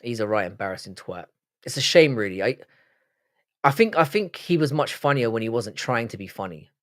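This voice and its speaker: A young man from Cork, Ireland, speaks in a medium pitch with lively intonation at a brisk pace. Hosting a casual livestream, he works through viewer comments in his Irish accent, responding in a blunt, rambling way laced with swearing.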